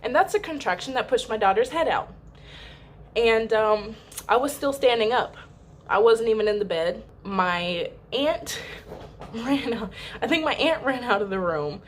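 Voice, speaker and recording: A woman's voice: on the high side, animated, unhurried, a little hiss or hum. Chatty young woman telling a story. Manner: chatty, with frequent "like" fillers; emphatic and dramatic in the retelling. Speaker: channel host. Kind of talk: casual storytelling to camera.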